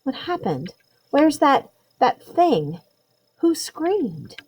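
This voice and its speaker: A woman's voice: high-pitched, sing-song, extremely slow, a little mellow, pitched above the performer's own voice, exaggerated voice. A woman voicing a frightened teenage boy who asks shaken, urgent questions.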